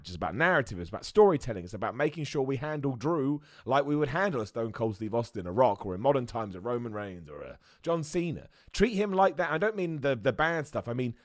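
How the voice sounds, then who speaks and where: A man hosting a wrestling show, chatting excitedly and poking fun at himself. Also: mid-range voice, dry recording, studio quality. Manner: chatty, excitable, self-mocking with laughs. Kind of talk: casual commentary and super chat reading.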